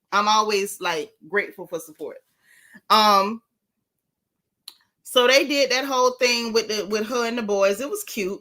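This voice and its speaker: A woman hosting a live stream, chatting bluntly and sassily about a reality show and thanking viewers. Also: medium pitch. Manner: sassy, blunt, animated gossip. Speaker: show recap host. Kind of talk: casual live-stream chat.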